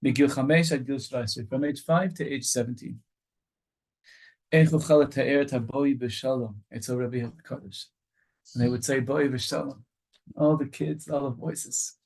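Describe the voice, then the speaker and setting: A male rabbi giving a Torah study lecture, reading passages in Hebrew and rendering each one in English as he goes. He tells the story with animation, repeating phrases for emphasis and often restarting his sentences. His voice sits at an ordinary middle pitch for a man. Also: steady tone, moderate pace, darkish tone. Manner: reads Hebrew lines aloud, then translates them into English. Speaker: rabbi teaching a study group.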